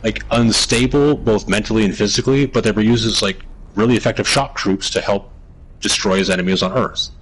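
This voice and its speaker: A man's voice: on the low side, brisk, a bit bright, husky, soft background music, low-quality recording. A man co-hosting a casual chat, explaining game lore in a hesitant, rambling way with many restarts. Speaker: co-host.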